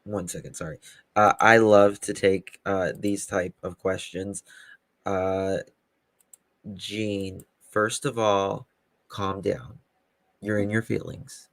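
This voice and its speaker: A man hosting a casual live stream as a web sleuth, reading chat comments in a calm, dry, teasing way. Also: low-pitched, slow pace, vocal fry, dry recording.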